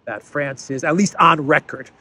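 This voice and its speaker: A man's voice: on the high side, normal speed, bright, forceful tone, slight background noise. A man hosting a casual political commentary show, talking in a conversational way, repeating words as he thinks and adding sardonic asides.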